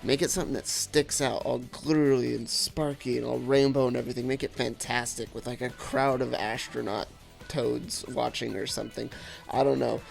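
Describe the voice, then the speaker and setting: Man with a gravelly fry, excitable, rambling, lots of filler words, casual gaming vlog, faint music underneath. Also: medium pitch, moderate pace. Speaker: gaming video host.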